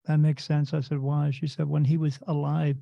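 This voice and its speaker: A man's voice: on the high side, level tone, normal speed, vocal fry, no echo, lo-fi sound. A man hosting a podcast, telling a rambling story in casual talk full of restarts and quoted dialogue. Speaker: podcast host and spirit medium.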